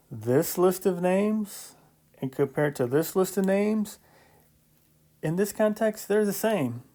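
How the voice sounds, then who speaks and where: A man's voice: fairly high pitch, dark tone. A man teaching a recorded math lecture, explaining step by step in a conversational way, with joking asides and frequent checks like "right?". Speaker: math instructor.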